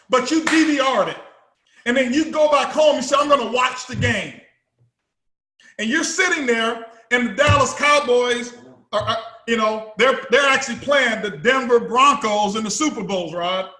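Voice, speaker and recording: A man with a very high, bright, forceful voice delivers an emphatic motivational speech, repeating himself and pressing every point. His voice rings out in a roomy, echoing hall. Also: moderate pace. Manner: emphatic, repetitive, preaching. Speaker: company CEO giving a motivational talk.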